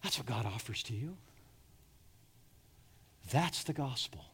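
A man preaching a sermon with passion. He swings between loud, urgent pleading and soft, hushed lines, and he repeats words when he presses a point. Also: mid-range voice, animated, unhurried, vocal fry, husky. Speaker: pastor.

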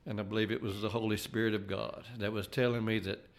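An older man giving an earnest personal testimony, halting and restarting as he talks. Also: lowish voice, level tone. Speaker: layman giving a faith testimony.

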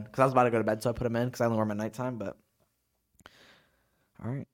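Young male podcast co-host, fast and chatty, mid-range voice. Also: mid-range voice. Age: young adult. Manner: chatty, animated storytelling. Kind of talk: casual chat.

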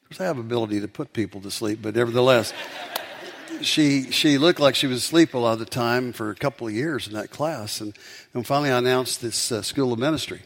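A man's voice: medium pitch, a little fast. A man, a pastor, preaching a sermon and telling a story, building up to emphatic peaks.

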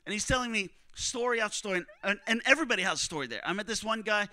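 A man preaching, telling a story in a conversational, animated way and acting out what others said. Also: sits high, rapid-fire. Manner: animated, conversational, acts out quotes. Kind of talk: sermon storytelling.

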